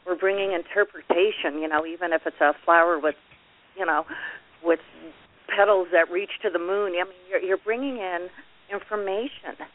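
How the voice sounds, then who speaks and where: A woman's voice: on the low side, moderate pace, slight background noise. A reflective woman guest speaks thoughtfully on a call-in radio show. Her voice arrives through a tinny, phone-like line. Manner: reflective, talks about spiritual channeling. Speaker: guest, poet.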